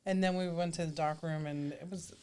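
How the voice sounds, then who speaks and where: A woman's voice: deep voice, fairly even intonation, a little fast, a little mellow, clear, resonant tone. A woman co-hosting a casual live stream, chatty and telling a childhood story. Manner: chatty, laughs easily, tells stories. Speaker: livestream co-host.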